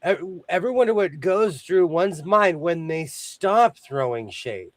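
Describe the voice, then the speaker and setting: A man's voice: high voice, expressive, slow, no echo. A man hosting a live sewing stream over a video call, chatty and self-mocking, greeting viewers by name. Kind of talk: casual chat.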